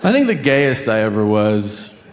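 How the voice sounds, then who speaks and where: A man doing profane, animated stand-up comedy, acting out quotes as he tells his stories. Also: lowish voice, unhurried, background noise.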